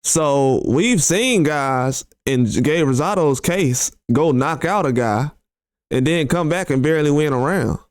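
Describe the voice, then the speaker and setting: Blunt man with a smooth, dry voice. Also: on the high side, measured pace, no echo. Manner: blunt and conversational, with slang and rhetorical questions. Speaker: boxing commentary channel host. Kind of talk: casual reaction commentary, reading tweets aloud.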